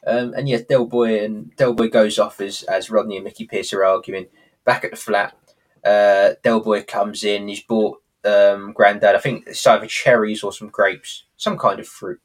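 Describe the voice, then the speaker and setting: Low-voiced man retelling sitcom scenes. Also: moderate pace. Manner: animated storytelling, acting out the characters' lines. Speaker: podcast co-host. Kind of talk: casual chat recapping a sitcom episode.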